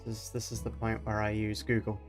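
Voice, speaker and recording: An Australian man streaming a game live, rambling and mocking himself as he thinks out loud at a home desk mic. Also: lowish voice, monotone, brisk, soft background music. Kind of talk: live let's-play commentary.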